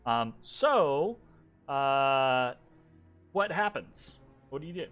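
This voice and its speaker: Lively young man running a tabletop game. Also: mid-range voice, very slow, clean tone. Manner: animated, chatty, with many fillers. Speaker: game master. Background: faint background music.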